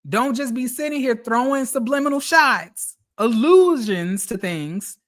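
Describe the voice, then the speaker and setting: A man recapping a reality TV episode in casual commentary, animated and profane, talking straight to his viewers. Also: extremely high pitch, a little slow.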